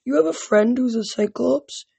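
A quiet but insistent teenage girl who describes what only she can see , voiced by the audiobook reader in a near-normal voice. The recording is close and dry. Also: mid-range voice, normal speed, gravelly, husky, no room sound, pitched above the performer's own voice.

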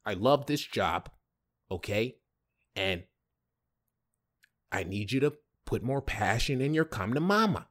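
A man's voice: medium pitch, animated, slow pace, long pauses, fairly bright tone. A man voicing an earnest male restaurant manager who coaxes and stretches out his words. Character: earnest adult male restaurant manager, dead serious about shimmies.

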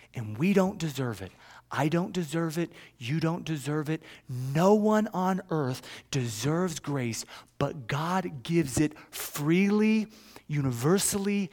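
A pastor preaching a conversational sermon, moving between hushed storytelling and loud, emphatic declarations, with frequent restarts and check-ins with the congregation. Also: male voice, on the high side.

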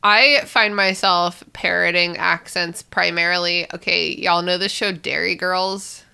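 A woman co-hosting a casual podcast chat, animated, laughing often and swearing freely. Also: on the low side, unhurried, gravelly, smooth. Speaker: podcast co-host.

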